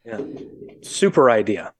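Over a remote call mic, a young Midwestern American man co-hosts a podcast in a lowish, sing-song voice, speaking a little slowly with no echo. Blunt and sardonic, he swears freely while telling a story.

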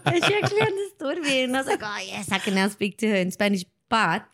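A woman's voice: mid-range voice, big pitch swings, fast talker, fairly bright tone. Woman co-host, easygoing chat, telling a family story. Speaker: guest host. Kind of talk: casual chat.

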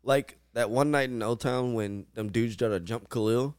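A man's voice: medium pitch, normal speed, smooth, dry recording, clean studio sound. A young man in casual podcast chat, blunt and profane, telling fight stories. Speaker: podcast co-host.

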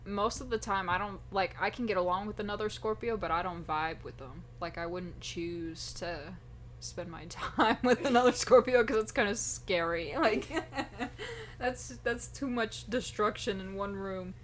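A young woman co-hosting a casual podcast, playful and quick to laugh. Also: mid-range voice, lively intonation, a bit bright, a little hiss or hum. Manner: giggly, playful, laughs often. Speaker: podcast co-host. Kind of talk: casual chat.

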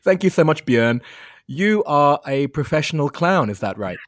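A man hosting a podcast interview, asking questions in a warm, polite way. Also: a little high, very animated, normal speed, no room sound, studio quality. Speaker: podcast host.

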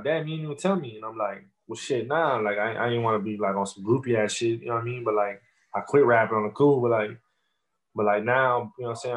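A man, a rapper telling stories loosely with lots of swearing and fillers. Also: mid-range voice. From Texas. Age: 30s. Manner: loose, profane storytelling with many fillers. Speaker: rapper guest. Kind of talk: casual interview.

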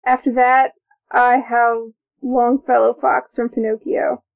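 A woman co-hosting a casual chat about a film she is watching, excitable and reading out her notes. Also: on the high side, slow, gravelly. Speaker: podcast co-host. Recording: tinny phone-like sound.

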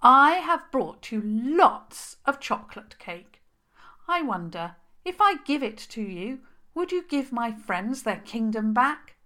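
Storybook princess: young, plucky, coaxing, loud and slow; played by a woman narrator. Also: on the high side, very animated, voice pushed up, full character voice. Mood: emphatic. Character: bold clever young princess, stubborn.

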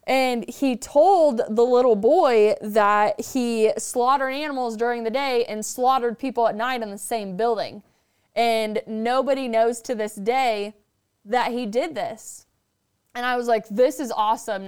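A woman telling a story as a podcast guest, animated and chatty, swearing freely. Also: fairly high pitch, smooth. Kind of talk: casual storytelling.

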